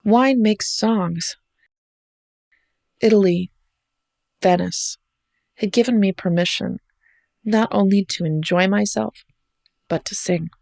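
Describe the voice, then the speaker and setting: A woman's voice: medium pitch, takes it slowly, creaky, long pauses, a little mellow, no echo. A woman hosting a podcast, reading her own personal travel essay aloud in a wry, reflective way with an American accent. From United States. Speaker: podcast host and essay narrator.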